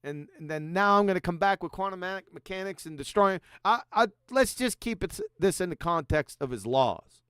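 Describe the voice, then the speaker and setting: A combative, sarcastic man hosts a livestream, reading passages aloud and mocking them. His voice sits high and swoops animatedly, and it is recorded close and dry with no room sound. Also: expressive, normal speed, fairly bright tone, clear, resonant tone, dry recording. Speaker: host.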